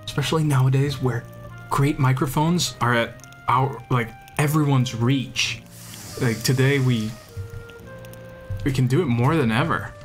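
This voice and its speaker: A man's voice: medium pitch, a little slow, long pauses. Casting: young male streamer, casual and rambling, mid-range voice, eager, with faint game music underneath. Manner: rambling, enthusiastic, many restarts. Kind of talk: casual chat while gaming.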